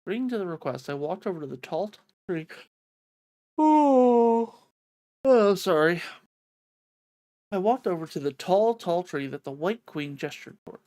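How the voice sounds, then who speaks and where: A woman reading a visual novel aloud, an expressive reader who breaks off to swear and joke, on a close mic. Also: low voice, fairly quick, few pauses, no echo. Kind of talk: reading a game's narration aloud with live reactions.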